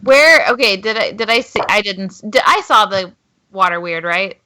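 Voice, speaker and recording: A woman's voice: mid-range voice, expressive, normal speed, pushed and bright. A woman playing a tabletop game, chatty and hesitant, checking rules with lots of ums. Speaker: player. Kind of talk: casual tabletop play.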